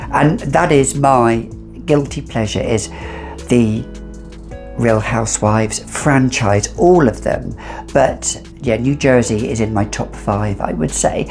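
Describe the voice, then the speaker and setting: A woman's voice: a bass voice, a little mellow. A middle-aged woman chatting casually and with strong opinions as she reviews a fragrance. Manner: chatty, opinionated, sassy asides.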